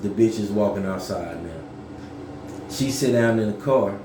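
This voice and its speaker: A man telling a story casually to camera, profane and animated, yelling when he acts things out. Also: on the low side, moderate pace, roomy sound, background noise.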